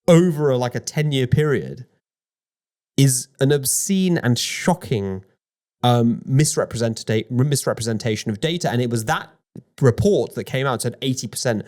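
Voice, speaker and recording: A man co-hosting a podcast, arguing his points in an animated way with rhetorical questions. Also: mid-range voice, moderate pace. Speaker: podcast co-host. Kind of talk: conversational podcast discussion.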